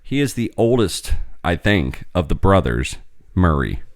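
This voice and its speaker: A man's voice: low-pitched, big pitch swings, a little slow, no room sound, studio quality. A man hosting a casual family podcast, joking and swearing freely as he runs the segments. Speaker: podcast host. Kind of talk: casual chat among family.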